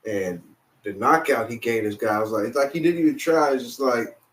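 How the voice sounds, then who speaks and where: A young man co-hosting a podcast in a casual chat, telling animated stories and laughing often. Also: medium pitch, fairly quick, distant mic. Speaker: podcast co-host. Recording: echoey room.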